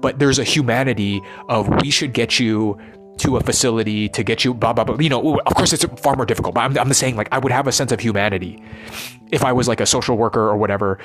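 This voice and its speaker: A man's voice: mid-range voice, fast talker, faint music behind. A man giving a rambling, profane, intense unscripted monologue as a vlogger.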